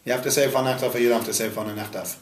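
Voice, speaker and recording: Man, rabbi, Talmud class, questioning, lively, roomy hall. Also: medium pitch, very fast, crowd noise. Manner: questioning, quizzes students, lively. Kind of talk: interactive Talmud lesson. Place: study hall with students. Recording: echoey study hall.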